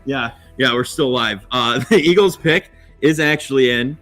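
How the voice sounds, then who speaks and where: A man hosting a podcast, chatting casually through live draft coverage with quick asides. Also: mid-range voice, fairly bright tone, soft background music. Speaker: podcast host.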